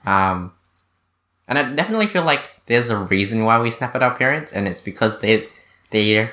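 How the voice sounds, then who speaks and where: A man, reflecting calmly in a casual podcast chat, with hesitant fillers. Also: lowish voice, moderate pace. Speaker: podcast co-host.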